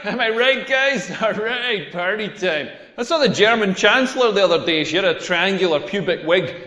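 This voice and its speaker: A brash, crude stand-up comic. His voice sits fairly high, and he rambles from pun to pun, restarting his sentences. The sound rings with the long reverb of a club hall. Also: fairly bright tone. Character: brash crude young male stand-up comedian. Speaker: stand-up comedian. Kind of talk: stand-up comedy routine in a game scene. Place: comedy club stage.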